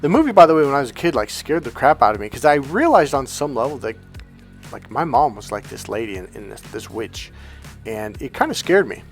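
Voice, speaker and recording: A man's voice: medium pitch, sing-song, a little fast, soft background music. A man giving a motivational vlog monologue as a coach, blunt, profane and emphatic. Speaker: relationship coach.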